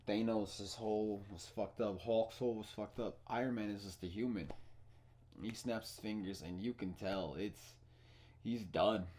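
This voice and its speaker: A young man hosting a casual podcast, excitedly retelling movie scenes, swearing freely and restarting his sentences. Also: lowish voice. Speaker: podcast host. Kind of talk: casual spoiler chat.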